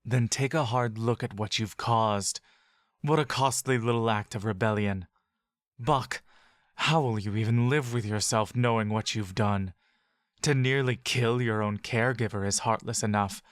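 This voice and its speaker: The audio drama narrator voicing a menacing, controlling male caregiver who talks in a low, slow, booming voice. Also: no echo, studio quality, natural voice. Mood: scornful.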